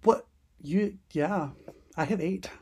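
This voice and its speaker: A woman's voice: on the low side, slow, darkish tone, slightly rough. A young woman co-hosting a casual podcast, laid-back and chatty, tossing in slang. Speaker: podcast co-host. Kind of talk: casual chat.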